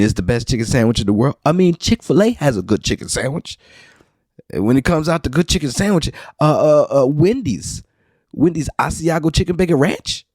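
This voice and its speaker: A podcast host from New Orleans, Louisiana rambles through a casual solo monologue full of wry, profane asides. His mid-range voice has a darkish tone, recorded as clean studio sound with no room noise.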